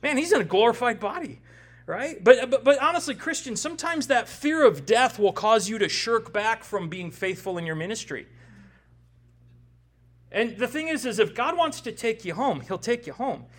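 Here a pastor in his forties preaches an expository sermon in a very high-pitched, fairly bright voice with big pitch swings, at normal speed. The delivery is conversational and emphatic, peppered with "right?" checks aimed at the congregation.

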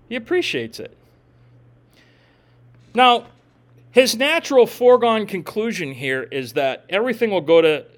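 A man pastor giving a casual, joking sermon with gym and pop-culture asides. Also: high-pitched. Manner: animated, swings between loud and soft. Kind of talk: conversational sermon.

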